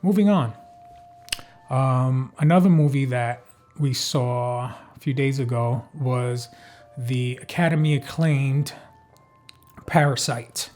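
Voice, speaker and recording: A man's voice: medium pitch, fairly even intonation, slow pace, darkish tone, soft background music. A man hosting a podcast, recapping a film in a loose, joking way, swearing freely and filling gaps with ums. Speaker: podcast host reviewing a film. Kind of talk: casual rambling recap.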